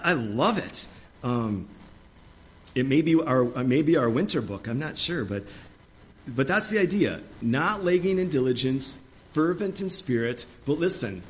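A male pastor preaching an earnest sermon, often restarting his phrases and climbing higher and louder when he gets worked up.

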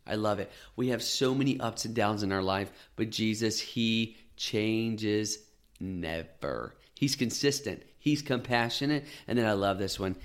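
A man in his thirties giving an earnest, gentle devotional sermon as a podcast host, often dropping to soft tones. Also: fairly low pitch, gravelly.

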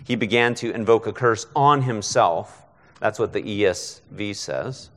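Male guest preacher, lowish voice, conversational sermon, long hall reverb. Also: measured pace, fairly bright tone. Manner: conversational, frequent rhetorical "right?". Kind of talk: expository sermon.

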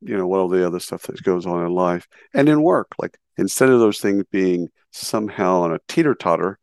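A man's voice: low-pitched, lively intonation, fairly quick, a little mellow, clean tone, no room sound, clean studio sound. A man hosting an interview, opinionated and sarcastic, rambling through his questions with self-deprecating asides. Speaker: interview host. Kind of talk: casual conversational interview.

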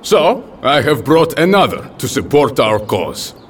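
A man voicing a confident, booming male veteran warrior in a fan audio drama. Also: big pitch swings, slight background noise. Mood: commanding. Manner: slow, commanding.

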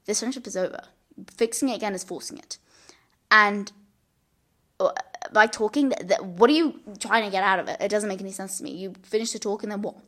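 A woman's voice: medium pitch, fairly quick, fairly bright tone. A young woman hosting a podcast, giving earnest advice in casual chat, with lots of restarts and repeated words.

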